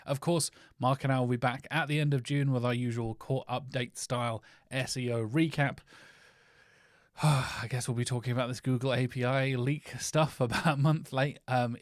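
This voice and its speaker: A British man hosting a podcast, talking in a chatty, enthusiastic way with plenty of rambling asides. His voice sits at an average pitch. The sound is dry and close, with no room echo. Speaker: podcast host. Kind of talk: casual podcast outro.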